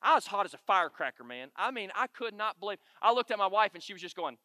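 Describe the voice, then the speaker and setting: A middle-aged man preaching to a men's group, his voice high and bright with a forceful edge. He tells stories with animated emphasis, driving points home by repeating them, and the sound is close and dry with no room around it. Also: quick pace, no room sound. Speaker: men's Bible study leader. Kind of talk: storytelling sermon to a men's group.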